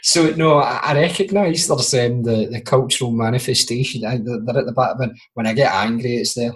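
Glaswegian man in his forties, animated storyteller. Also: medium pitch, fairly quick. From Scotland. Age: 40s. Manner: animated storyteller who acts out quoted relatives, laughing often. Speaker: podcast co-host, mental health nurse. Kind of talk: casual chat.

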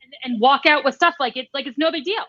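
Woman podcast cohost, bright voice, chatty, thinks out loud, dry dullish audio. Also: high voice, fast, no echo, lo-fi sound. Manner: chatty, thinks aloud with restarts. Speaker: podcast co-host. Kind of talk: conversational interview.

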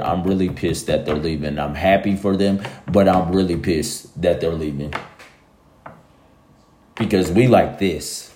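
A young man with a very deep voice speaks in an unhurried, rambling way. He is emphatic and slangy and keeps repeating himself as he talks to his listeners. The room around him is echoey. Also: a little mellow, a little hiss or hum. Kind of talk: casual monologue to listeners.

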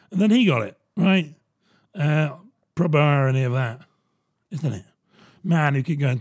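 Husky podcast host rambling. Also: male voice, on the high side, animated, moderate pace, darkish tone. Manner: rambling, sardonic, swears freely. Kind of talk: casual solo podcast monologue.

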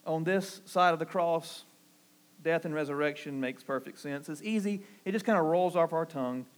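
A Southern man preaching a sermon in an earnest, pastoral way. His voice sits a little high for a man. He swings from emphatic, rising declarations to low, quiet asides. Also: normal speed. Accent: Southern American. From American South. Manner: earnest preaching, rising emphatic on key phrases, dropping low and soft for quotes.

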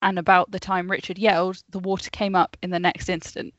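A woman's voice: on the low side, flat delivery, brisk, no room sound, dull audio. Chatty woman telling a story. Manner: reads from notes, laughs often, chatty asides. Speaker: podcast co-host. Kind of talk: casual storytelling chat.

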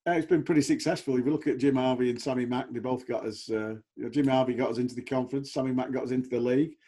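A man's voice: mid-range voice, steady tone, rapid-fire, dark tone. A middle-aged man hosting a casual football chat, a chatty storyteller who livens his anecdotes by acting out other people. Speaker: podcast host.

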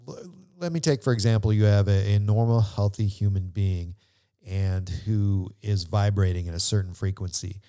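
Dark low guy hosting a chat, thinks out loud while asking stuff, some reverb. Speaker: podcast host. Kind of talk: casual interview.

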